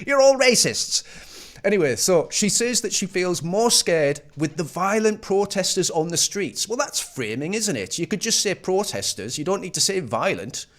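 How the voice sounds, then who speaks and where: A man's voice: high voice, expressive, normal speed, few pauses, a bit bright. A man giving casual reaction commentary on a news clip in a sarcastic, mocking manner.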